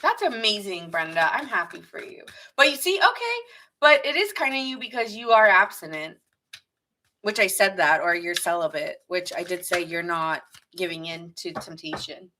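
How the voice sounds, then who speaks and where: A woman's voice: on the low side, expressive, normal speed, pushed and bright, slight background noise. A woman giving a casual live tarot reading, chatty and laughing often as she acts out what people think. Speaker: tarot reader.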